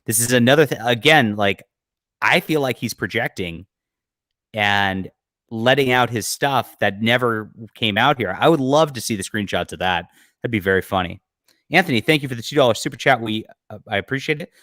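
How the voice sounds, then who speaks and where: A man's voice: mid-range voice, animated, moderate pace, fairly bright tone, no echo, clean studio sound. A man hosting a livestream, giving blunt, mocking commentary on a clip, with frequent fillers. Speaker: livestream host. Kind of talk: casual commentary over a clip.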